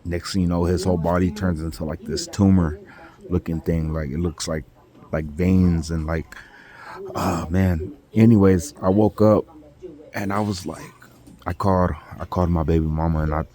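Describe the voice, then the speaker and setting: A man's voice: low-pitched, steady tone, moderate pace, warm tone. A man from California telling a personal story in a casual, rambling way, full of "like" and "you know". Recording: crowd chatter clearly audible behind.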